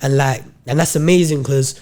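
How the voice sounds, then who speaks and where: Speaking at normal speed in a mid-range voice, this young man co-hosting a podcast recounts a faith experience in lively slang, performing what he thought and said at the time.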